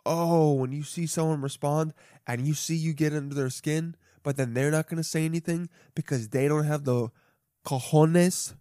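A young man hosting a solo podcast, chatting casually and profanely, jumping between loud bursts and muttered asides. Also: on the high side, normal speed, dry recording, clean studio sound. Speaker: podcast host. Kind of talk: rambling solo podcast chat.

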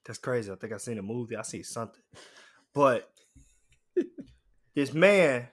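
A man's voice: mid-range voice, unhurried, breathy edge. A man who is a guest on a casual podcast, telling stories animatedly and acting out other people's voices. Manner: animated storyteller, acts out voices. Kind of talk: casual chat.

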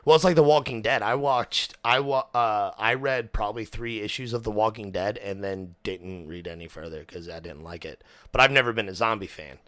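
A man's voice: lowish voice, a little fast, a bit bright, dry recording. A young man hosting a podcast, chatting casually and animatedly, swearing often and acting out quotes. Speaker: podcast host. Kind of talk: casual chat.

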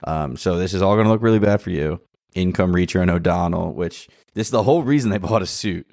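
A man with a low, creaky voice talks fast as he co-hosts a podcast, casually recapping a TV episode and acting out the scenes with animation. The recording is dry, with clean studio sound.

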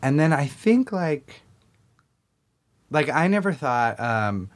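A man's voice: a little high, sing-song, slow pace. A young adult man, an actor guest, chatting casually on a podcast and rambling with many restarts and fillers. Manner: rambling, restarts, lots of likes.

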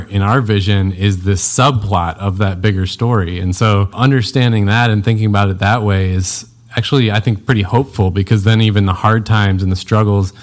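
A man hosting an interview podcast, reflecting thoughtfully and hopefully in a relaxed conversational way. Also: on the low side. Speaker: podcast host.

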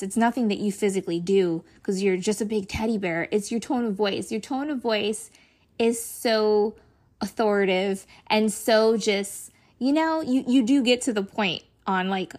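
A woman's voice: mid-range voice, darkish tone. A woman co-hosting a relationship podcast with her partner, talking in a casual, playful and teasing way. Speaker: podcast co-host. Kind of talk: casual couple's podcast chat.

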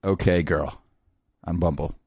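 Slow, teasing podcast co-host man. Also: low voice, fairly even intonation, a little mellow, husky, no room sound, clean studio sound. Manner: teasing, short joking interjections. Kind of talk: casual chat.

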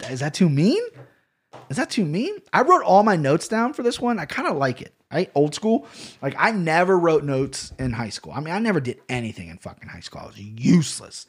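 A man's voice: fairly high pitch, a little fast, husky. Rambling, profane man hosting a podcast. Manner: rambling, profane, excitable, many restarts. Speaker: podcast host. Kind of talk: casual solo podcast monologue.

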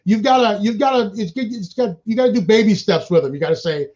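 A man's voice: sits high, brisk, few pauses, darkish tone, muffled recording. A man co-hosting a casual podcast in an easygoing way, chiming in with short affirmations. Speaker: podcast co-host. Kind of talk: casual chat.

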